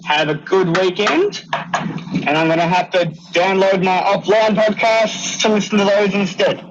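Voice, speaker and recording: A relaxed, friendly man signing off from a call. His voice sits high for a man. The audio is dull and lo-fi, with a light hiss underneath. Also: measured pace. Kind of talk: casual goodbye.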